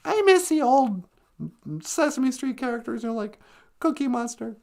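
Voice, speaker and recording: Live stream host, female: high, slow, gravelly, rambling comic chat. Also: lively intonation, darkish tone. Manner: rambling, joking, breaks into laughs and sung snippets. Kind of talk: casual comedic chat.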